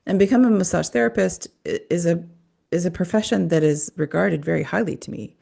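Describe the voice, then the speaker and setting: A woman hosts a podcast in a casual, rambling monologue, swearing and frequently cutting herself off. Her voice is on the low side, fairly quick, creaky and mellow with a breathy edge.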